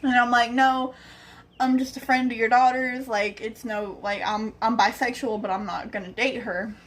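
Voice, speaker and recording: A young woman tells a casual, rambling story on her vlog, acting out other people's words along the way. Her voice is fairly high and fairly even, her speed is normal, and slight background noise can be heard.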